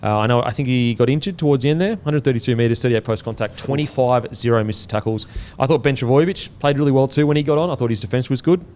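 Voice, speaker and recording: A man hosting a casual sports podcast, relaxed and swearing now and then, tripping over player names. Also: mid-range voice, fast, a little hiss or hum. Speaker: podcast host.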